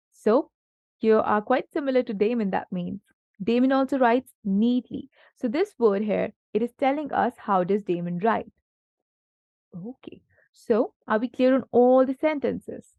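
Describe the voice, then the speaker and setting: A woman's voice: on the high side, measured pace, no echo, dull audio. A woman tutoring a young child in grammar, patient and encouraging, asking many questions and praising the answers. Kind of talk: one-on-one grammar lesson for a child.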